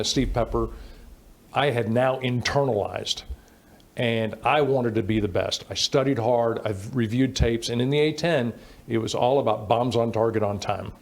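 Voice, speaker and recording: Middle-aged guy telling stories in an interview, acts out the quotes, normal pitch. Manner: animated anecdotes with quoted dialogue. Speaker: interview guest. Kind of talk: storytelling in a conversational interview.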